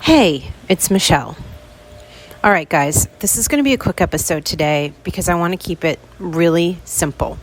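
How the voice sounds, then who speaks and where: A woman's voice: fairly low pitch, expressive, normal speed, faint music behind. A woman hosting a podcast, chatting casually and speaking straight to her listeners. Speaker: podcast host.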